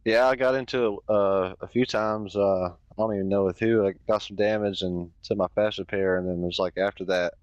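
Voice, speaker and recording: A racing driver answers post-race questions in an easygoing, halting way. His voice is on the low side. The line sounds dull and dry. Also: steady tone, darkish tone, no room sound. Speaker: racing driver, third place.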